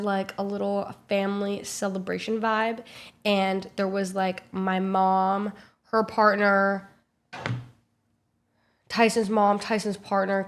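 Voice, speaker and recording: A young woman telling a trip story to camera in a chatty, casual way, swearing freely and acting out quotes. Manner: chatty, swears freely, acts out quotes in high squeaky voices. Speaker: streamer vlogging a trip.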